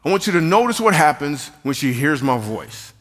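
Guy joking around with a church crowd, bright voice, lots of hall reverb. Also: on the high side, sing-song, normal speed. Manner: playful, jokey, teasing the band. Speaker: church speaker and comedian. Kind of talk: humorous talk to a live church audience. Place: large church auditorium.

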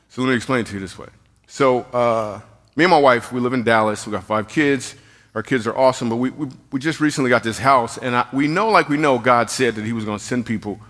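Middle-aged guy preaching, funny storytelling sermon, bright tense voice, long echo of a church hall. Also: medium pitch. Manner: animated, jokey, acts out quotes.

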